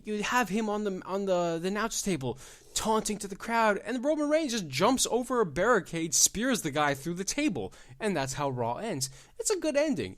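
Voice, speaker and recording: Young man, podcast host, ranting commentary, swooping lively pitch, emphatic repeats. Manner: animated, ranting, emphatic repetition. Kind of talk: solo wrestling commentary podcast.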